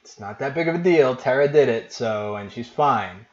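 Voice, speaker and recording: A young blind halfling man, played by a man running a tabletop game, pleading defensively in a mid-pitched voice. The sound is muffled and lo-fi. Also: lively intonation, normal speed, natural voice.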